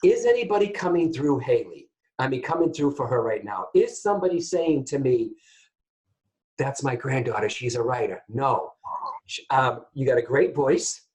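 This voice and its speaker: A man hosting a call-in psychic reading show, chatty and animated, often turning to address his listeners. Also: mid-range voice, moderate pace, low-quality recording. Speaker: psychic medium host.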